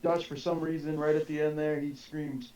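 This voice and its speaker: A man who once played the game, now a guest commentator on a casual live show, talking in a relaxed way with frequent hesitations. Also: on the high side, moderate pace, dull audio. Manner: relaxed, hesitant, many fillers.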